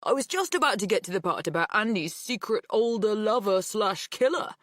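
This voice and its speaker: A woman voicing a teasing teenage boy in an audiobook, with a theatrical, drawn-out way of talking. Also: medium pitch, expressive, fairly bright tone, dry recording, clean studio sound, pitched above the performer's own voice, close to an everyday voice. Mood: offhand. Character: teasing teenage boy telling a ghost story. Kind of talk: audiobook character voice.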